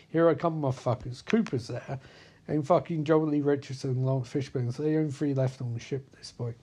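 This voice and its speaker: A man's voice: fairly high pitch, warm tone. A man giving a rambling, profanity-heavy comedic recap of a film, often losing track of character names.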